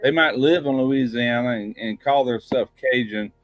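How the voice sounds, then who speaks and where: A man's voice: medium pitch, normal speed, no echo, muffled recording, faint music behind. A man hosting a casual live-stream chat, rambling in a folksy, plain-spoken way. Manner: rambling, folksy, drops "ain't". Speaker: host. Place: home studio live stream.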